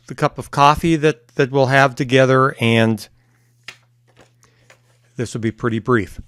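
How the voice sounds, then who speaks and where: A man, a therapist and coach, talking casually to camera and explaining things with pauses and repeats. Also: medium pitch, fairly bright tone, dry recording, studio quality. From United States. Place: at home early morning.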